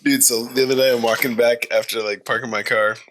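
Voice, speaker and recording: A man's voice: mid-range voice, flat delivery, quick pace, noisy background. A man telling rambling stories in casual podcast chat, peppered with swearing and filler words. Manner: rambling storyteller, swears, lots of "like". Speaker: podcast guest.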